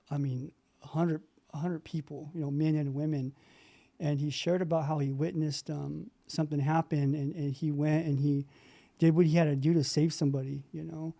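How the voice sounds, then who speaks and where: On a video call, a middle-aged man shares in a meeting, speaking in a heartfelt, rambling way full of fillers and restarts. His voice is mellow and gravelly, sitting a little high for a man.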